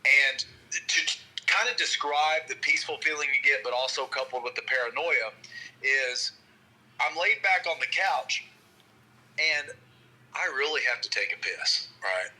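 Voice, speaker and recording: A man's voice: mid-range voice, a little slow, pauses often, low-quality recording. A man telling a rambling, self-mocking story in casual podcast chat. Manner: rambling, lively storyteller with restarts. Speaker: podcast co-host.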